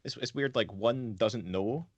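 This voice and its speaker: A man's voice: fairly low pitch, a little slow, no echo. A young man co-hosting a podcast, chatting loosely about a film, rambling and swearing freely as he acts out lines. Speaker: podcast co-host. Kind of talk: casual film discussion.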